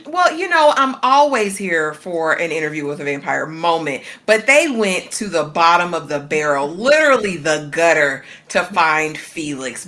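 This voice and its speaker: A woman's voice: sits low, big pitch swings, moderate pace, few pauses, pushed and bright. A woman co-hosting a casual TV recap discussion, blunt, opinionated and sarcastic in her takes. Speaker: podcast co-host.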